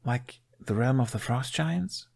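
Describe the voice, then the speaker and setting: A man's voice: mid-range voice, expressive, measured pace, creaky, a little mellow, breathy edge, pitched above the performer's own voice, full character voice. A man voicing a nervous young male companion who asks anxious questions.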